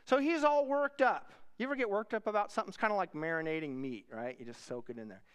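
A man preaching a sermon, telling a story with animated delivery and shouted quoted voices. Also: sits high, fast, clear, resonant tone.

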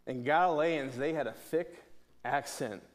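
A middle-aged pastor from Pittsburgh, USA, with a slightly high voice, preaches a sermon earnestly and unhurriedly. He often repeats words, restarts phrases, and poses rhetorical questions to the congregation.

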